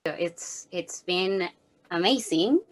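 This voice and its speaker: A woman with an Argentine accent, a native Spanish speaker, asking an actress questions in chatty, slightly halting English. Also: fairly low pitch, animated, a little hiss or hum. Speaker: film interviewer. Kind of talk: interview questions.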